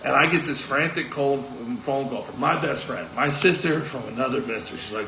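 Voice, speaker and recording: A man, a comedian, telling an animated road story and acting out the people in it. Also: mid-range voice, normal speed, vocal fry, echoey room, noisy background. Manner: animated, acts out other voices in the story.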